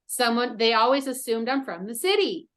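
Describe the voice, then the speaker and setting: A woman's voice: a little high, lively intonation, moderate pace, fairly bright tone. A middle-aged woman from upstate New York joins a video call. She sounds friendly and curious, and she keeps asking easy questions. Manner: friendly, asks lots of questions. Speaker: guest on a video-call training.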